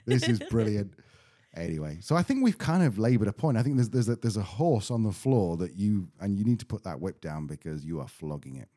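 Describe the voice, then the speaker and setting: Lively, low-voiced male podcast co-host. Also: fast. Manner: dry, self-mocking banter. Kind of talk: casual chat.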